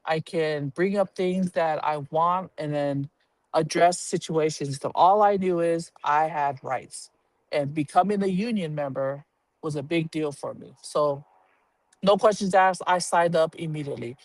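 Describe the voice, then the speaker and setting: A woman who works as a union representative at a prison tells a personal story in a low, unhurried voice. She's candid and earthy, swearing freely and laughing at herself, in a dry recording.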